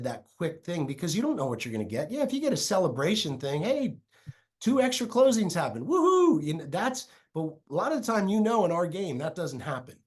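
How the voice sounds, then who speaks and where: A middle-aged man, a real estate investor, telling a story in a podcast interview with lively acted-out quotes, speaking from a small home office. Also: fairly high pitch. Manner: animated storyteller, acts out quotes.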